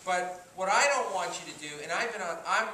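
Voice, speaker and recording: A high, bright-voiced man teaches acting in a classroom, animated and quick to act out examples. He is heard from a far camera in an echoey room, with faint noise behind him. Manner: animated, acts out lines as examples.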